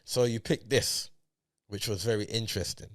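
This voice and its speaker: A man's voice: fairly low pitch, steady tone, normal speed, a bit bright. A man with an English accent hosting a casual film review podcast, talking in a laid-back, slang-heavy way. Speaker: podcast host.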